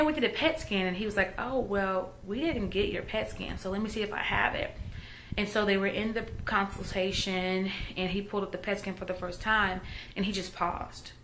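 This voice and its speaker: A woman in her thirties with a Southern accent, talking quietly and haltingly in a personal vlog. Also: medium pitch, a little hiss or hum. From Texas. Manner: quiet, halting, often trailing off. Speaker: vlogger.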